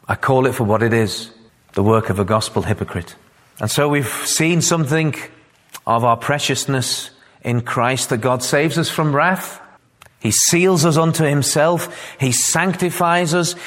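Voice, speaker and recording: A man's voice: fairly high pitch, fairly bright tone. Fervent male preacher in a hall. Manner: earnest, building to fervent emphatic peaks. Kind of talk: sermon.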